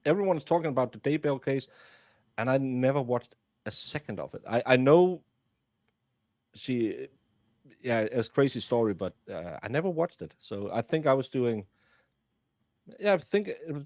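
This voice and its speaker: A man with a Southern American accent, co-hosting a podcast in casual chat, joking and halting with fillers. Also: medium pitch, very animated, a little mellow, no echo, clean studio sound.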